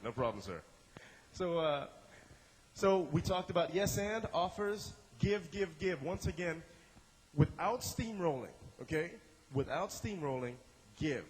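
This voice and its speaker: A man's voice: a little high, very animated, a little slow, in a large hall, a little hiss or hum, poor audio. A man teaching an improv class, talking with energy, acting out short examples in character voices and often repeating and restarting his words. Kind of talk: instructional talk to a class.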